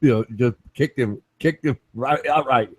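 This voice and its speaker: A man's voice: medium pitch, moderate pace, no echo. A man hosting a casual online chat, rambling with many restarts and tag questions like "right?". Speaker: show host.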